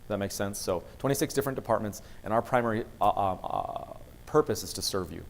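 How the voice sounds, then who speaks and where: A man with a lowish voice and vocal fry speaks fast as a university vice president of student affairs. He gives students a motivational talk, telling stories in a lively way and acting out dialogue.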